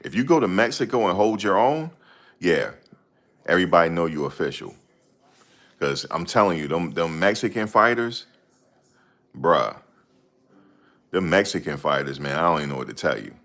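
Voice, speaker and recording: A man's voice: deep voice, big pitch swings, normal speed, pauses often, a bit bright. A man in casual chat, talking in a slangy, rambling way and often searching for names. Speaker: host.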